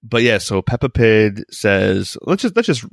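A man's voice: on the low side, big pitch swings, measured pace, gravelly, no room sound, studio quality. A man co-hosting a podcast in casual banter, rambling with restarts and laughing often. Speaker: podcast co-host. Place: home.

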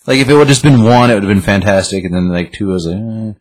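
A man chatting casually with friends, low-pitched and husky. He is animated and acts out his own reactions as he talks. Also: very fast. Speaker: podcast co-host reviewing a comic. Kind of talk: casual chat.

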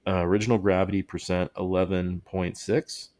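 A man's voice: low-pitched, little pitch movement, moderate pace, a little mellow. A man co-hosting a podcast in casual chat, rambling and often breaking into laughter mid-sentence. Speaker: podcast co-host.

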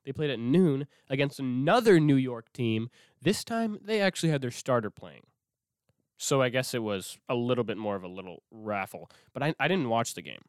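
A man's voice: mid-range voice, smooth, dry recording, studio quality. A young man hosting a casual solo podcast, rambling and swearing, cutting himself off mid-sentence. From Minnesota. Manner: rambling, profane, self-interrupting. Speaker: podcast host.

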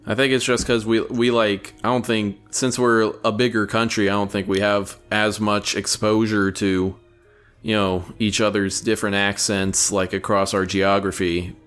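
A man's voice: on the low side, little pitch movement, moderate pace, a bit bright, smooth, faint music behind. A man co-hosting a podcast in casual banter, crude and rambling, with many fillers and restarts. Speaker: podcast co-host.

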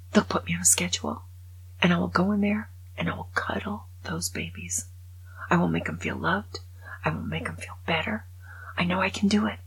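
An older woman hosting a podcast, talking in an excitable, gushing way that drops into whispers. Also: on the low side, husky, rough recording. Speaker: podcast host. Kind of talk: casual monologue.

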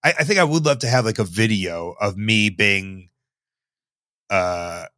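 A man's voice: on the low side, measured pace, sharp tone, no room sound, clean studio sound. Wry, rambling man on a podcast. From Illinois, US. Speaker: podcast guest. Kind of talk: casual podcast chat.

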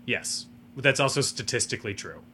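A man's voice: mid-range voice, lively intonation, moderate pace, sharp tone, husky. A man co-hosting a podcast, chatting casually about a movie in an analytical, sardonic way. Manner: analytical, hedging, sardonic asides. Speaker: podcast co-host. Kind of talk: casual movie review chat.

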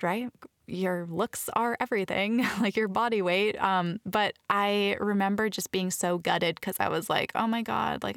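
A woman's voice: medium pitch, smooth, no room sound, studio quality. A woman talking casually to camera about fitness, earnest and chatty, often restarting her sentences. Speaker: fitness vlogger. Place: Los Angeles area.

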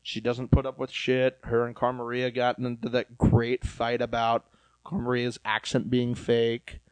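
Male co-host, gossipy casual chatter, mid-pitched, dry close sound. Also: completely flat delivery, measured pace, a little mellow, smooth, no echo, low-quality recording. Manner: chatty, gossipy, acts out quotes of others. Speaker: podcast co-host. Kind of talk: casual chat about reality TV.

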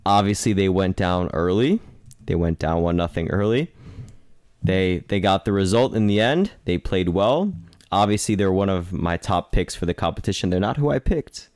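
Deep and a bit dark in tone, a man's voice moves at normal speed as he co-hosts a sports podcast. The chat is casual, chatty and playful, with frequent mid-sentence self-corrections, captured at studio quality with no room sound.

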